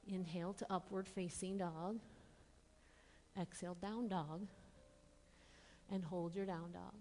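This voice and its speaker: A woman leads a yoga class in a calm, encouraging way, a little breathless as she moves through the poses. Her voice sits on the low side. The sound carries a long reverb tail over a faint background hum. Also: a little slow. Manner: calm, encouraging cues with light laughs. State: slightly out of breath. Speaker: yoga teacher. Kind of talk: guided yoga class instruction.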